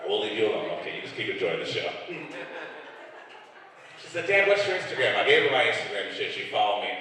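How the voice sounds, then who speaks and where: Performing profane stand-up on a club stage, a middle-aged Detroit comedian acts out the people he quotes in a lowish, bright, forceful voice with big pitch swings, talking a little fast. A distant mic captures the echoey club hall, with a little hiss or hum.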